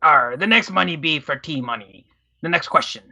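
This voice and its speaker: A man's voice: a little high, animated, normal speed, over a noisy crowd. A man putting on a pirate voice, with "arr" and "be" talk, as he reads out questions on a casual gaming stream. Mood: hammy. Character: hammy male pirate reading chat questions.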